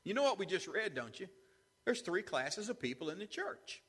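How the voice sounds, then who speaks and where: High, animated preacher in a reverberant hall. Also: male voice, normal speed, husky. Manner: animated preaching with call-and-response asides. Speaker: pastor. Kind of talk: sermon. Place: church sanctuary.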